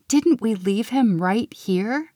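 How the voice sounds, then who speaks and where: A woman's voice: on the high side, lively intonation, slow, mellow, dry recording. Fretful bossy unicorn girl, worried and fed up, a lady reading her out, dry sound. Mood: fretting. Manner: worried and exasperated.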